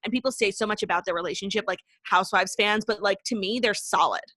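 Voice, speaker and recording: Fast, gossipy chatter comes from a young podcast co-host whose mid-range voice sounds pushed and bright. She leans heavily on "like" and swears now and then. The recording is dry.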